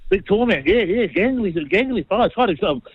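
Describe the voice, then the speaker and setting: A man's voice: high-pitched, animated, brisk, breathy edge, phone-quality sound. A New Zealand man in his fifties, a former rugby league player, telling rambling, self-deprecating stories as a guest. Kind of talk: casual storytelling interview.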